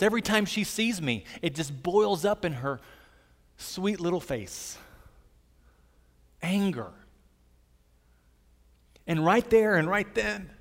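A man preaching a sermon, earnest and gentle, telling personal stories as he speaks to the congregation. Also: sits high, big-room sound. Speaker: pastor.

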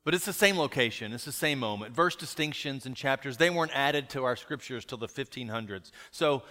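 Reflective male preacher in a reverberant hall. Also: medium pitch. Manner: reflective, drops softer on key lines, rhetorical questions. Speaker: pastor. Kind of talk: sermon.

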